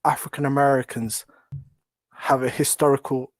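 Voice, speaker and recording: A man's voice: medium pitch, little pitch movement, moderate pace, dry recording. A man from London with a London British accent, calling in to a show and talking politely but hesitantly, often restarting his sentences. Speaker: caller. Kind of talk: phone-in call.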